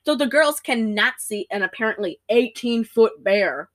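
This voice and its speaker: A woman chatting casually about a movie she just watched, animated and giggly, often breaking into character voices. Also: fairly high pitch, moderate pace. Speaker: podcast co-host. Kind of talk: casual movie review chat.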